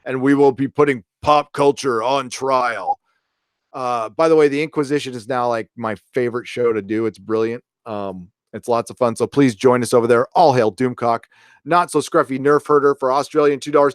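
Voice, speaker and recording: Middle-aged male streamer, loose and jokey, smooth voice, dry close mic. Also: medium pitch, steady tone, moderate pace, no echo. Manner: rambling, reads donations aloud, jokey. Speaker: live stream host. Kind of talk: casual live stream chat.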